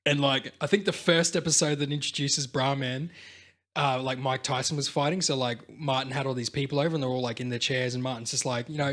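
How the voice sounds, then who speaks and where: A man's voice: medium pitch, fairly even intonation, quick pace, a bit bright. A man co-hosting a podcast, telling a rambling story in casual chat and swearing freely. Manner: rambling storyteller, swears freely, acts out quotes in big voices. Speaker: podcast co-host.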